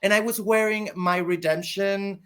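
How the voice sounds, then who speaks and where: A man from Spain, a drag queen guest on a casual podcast, talking in a fairly high voice. He gossips with dramatic asides and laughs easily. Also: fairly even intonation, moderate pace, fairly bright tone, slight background noise.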